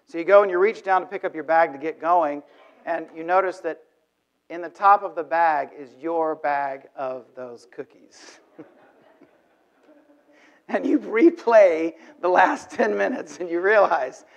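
A middle-aged man speaking at church, telling a story in an animated way and acting out inner thoughts, with many restarts. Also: fairly high pitch, moderate pace. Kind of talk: sermon storytelling. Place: church sanctuary. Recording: dull lo-fi church recording.

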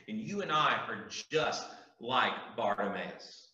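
A youth pastor preaches to a youth group in a medium-pitched, sharp voice at a slow pace, earnest and emphatic, repeatedly calling out to his listeners. It's recorded in an echoey room with a distant mic, so the sound is dull.

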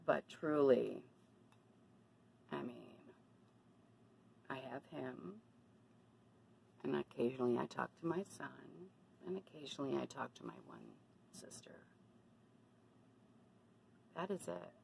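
A woman's voice: very deep voice, expressive, slow, gravelly, long pauses, a little mellow, slight background noise, rough recording. A woman talking casually to her camera in a personal vlog, confiding and then indignant about bad deals. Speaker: vlogger.

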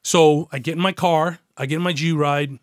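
A fairly high-pitched male voice with fairly even intonation moves at a moderate pace in a clean studio recording free of room sound. The middle-aged ex-detective tells a story bluntly in a relaxed interview, swearing often and acting out the voices of its characters.

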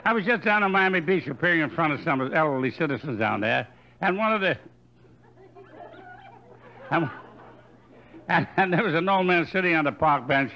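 An older man doing stand-up comedy on a hotel stage, firing off quick deadpan one-liners into a stage microphone. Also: fairly high pitch, noisy background. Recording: dull live recording, faint room ambience.

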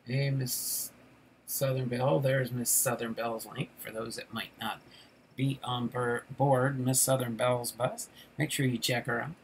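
A man's voice: mid-range voice, flat delivery, unhurried, a little hiss or hum, rough recording. A middle-aged man hosting a casual livestream, reading comic strips aloud and chatting with viewers, laughing along. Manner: chatty, laughs at the jokes, loosely voices the strip characters. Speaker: card collector channel host.

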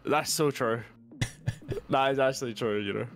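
A man's voice: medium pitch, normal speed, over music. A man in casual gaming banter, teasing his friend and calling him bro. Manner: teasing, laughing, says "bro". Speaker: gaming guest.

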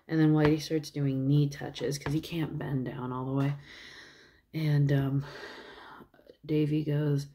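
Low-voiced woman rambling through a movie plot. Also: flat delivery, measured pace, mellow, a little hiss or hum. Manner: rambling, with many fillers. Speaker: vlogger. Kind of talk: casual retelling of a movie plot.

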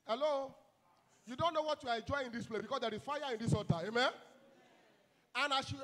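A man preaching a fiery deliverance sermon as pastor, shouting commands and speaking in tongues. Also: very high voice.

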